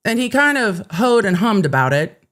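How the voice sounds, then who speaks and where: A woman lawyer hosting a legal commentary show, telling a story in a sarcastic, animated, profane way. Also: medium pitch, normal speed.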